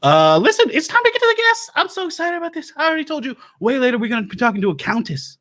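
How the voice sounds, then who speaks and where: Brief: man playing a quirky underground-dwelling apocalypse-tips host, highish voice, swings all over in pitch, rambling delivery. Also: animated, quick pace, fairly bright tone. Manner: rambling, slipping into sudden mock antagonism. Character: eccentric male doomsday prep lecturer living underground. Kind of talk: improvised comedy talk show.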